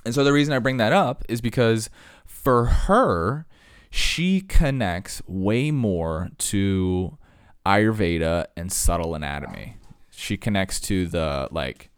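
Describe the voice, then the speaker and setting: Casual male host, low-pitched, dry sound, loose and chatty delivery. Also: expressive, takes it slowly, smooth, dry recording. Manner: loose, chatty, lots of fillers and asides. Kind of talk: casual rambling chat.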